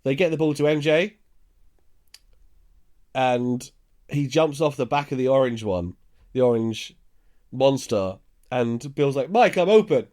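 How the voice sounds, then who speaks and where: A man's voice: mid-range voice, a little slow, long pauses, a little mellow. Laid-back man recapping a film. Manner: laid-back storytelling, chuckles while recounting scenes. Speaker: podcast co-host.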